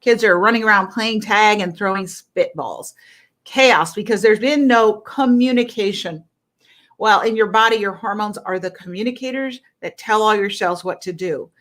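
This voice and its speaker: A woman's voice: mid-range voice, moderate pace, a bit bright. A middle-aged woman health coach talking to viewers on a live stream, emphatic and persuasive, often tagging her points with "right?".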